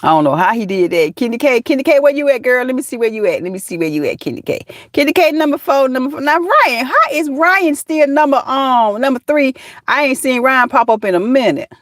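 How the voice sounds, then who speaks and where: A woman's voice: sits high, fairly quick, no room sound, clean studio sound. Chatty laughing woman hosting a livestream. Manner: lively, laughing often, talks straight to chat viewers. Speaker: livestream host. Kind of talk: casual live chat reading comments.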